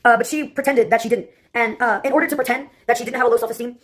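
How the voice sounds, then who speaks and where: A woman talks fast in a casual vlog, rambling and sarcastic, her voice sitting a little high. She keeps stopping on filler sounds before pressing on with her story. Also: steady tone. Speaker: vlogger.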